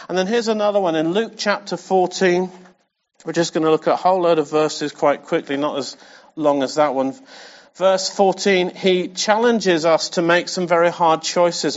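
A man's voice: sits high, moderate pace. A man preaching a sermon in a conversational way, talking straight to the congregation and repeating key phrases for emphasis. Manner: conversational, speaks directly to the congregation. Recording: dull lo-fi sound.

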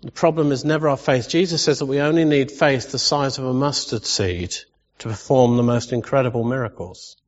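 A man's voice: medium pitch, fairly quick. Male preacher, conversational sermon with playful asides, dull recording in a reverberant hall. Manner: conversational, asks the congregation questions, playful asides.

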